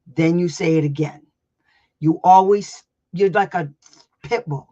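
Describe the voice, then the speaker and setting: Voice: mid-range voice, moderate pace, warm tone. A brash, no-nonsense advocate coaches parents in a loose online session, swearing freely and acting out both sides of a school meeting. The voice sits mid-range and comes through a slightly dull, lo-fi recording. Points get hammered home through repetition. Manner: blunt, brash and emphatic, with profanity and frequent laughs; drills points by repetition and acted-out dialogue.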